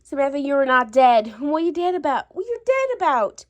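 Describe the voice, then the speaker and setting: A woman playing a brisk, blunt mother. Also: high-pitched, close to an everyday voice. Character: matter-of-fact middle-aged mother.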